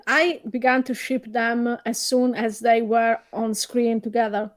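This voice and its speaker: Woman cohost, high voice, talks slow and wry. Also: little pitch movement. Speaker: podcast co-host. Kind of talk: casual chat.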